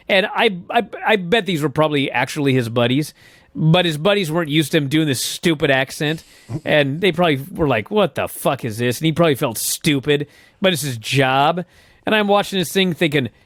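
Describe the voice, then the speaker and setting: A man's voice: fairly high pitch, fairly quick, a bit bright, no room sound, clean studio sound. A man co-hosting a podcast, chatting casually in a blunt, profane, exasperated way. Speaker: podcast co-host. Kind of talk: casual chat.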